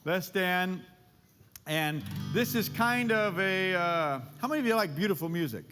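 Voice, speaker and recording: A man's voice: sits high, animated, a little slow, in a large hall. A man leading a church class, joking about his own playing and singing the books of the Bible along with a guitar. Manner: jokey, self-deprecating, sings along on guitar. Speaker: pastor.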